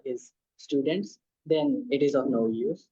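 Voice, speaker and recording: Male candidate from Bangladesh, Bengali native; hesitant, dark tone, dull muffled audio. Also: medium pitch, unhurried, breathy edge. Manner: hesitant, with frequent "uh" fillers. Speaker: IELTS test candidate. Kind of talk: spoken exam answer.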